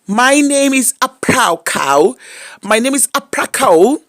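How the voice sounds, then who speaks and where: A man imitating a newsreader with an exaggerated put-on foreign accent, drawing his words out slowly. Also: very high-pitched, animated, a bit bright, dry recording, clean studio sound, pitched above the performer's own voice, full character voice. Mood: mock-formal. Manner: slow, drawn-out, exaggerated pronunciation.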